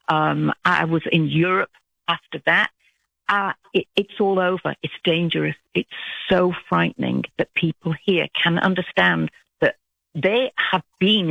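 Husky-edged British woman on a phone line. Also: sits low, a bit bright, no echo. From Britain. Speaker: caller. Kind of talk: call-in radio talk. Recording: dull phone-line sound.

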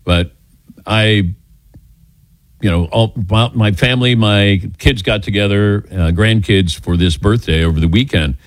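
An older man hosting a call-in radio show, telling stories with animated quoted voices. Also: on the low side, unhurried, no room sound. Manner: animated storyteller, acting out quotes.

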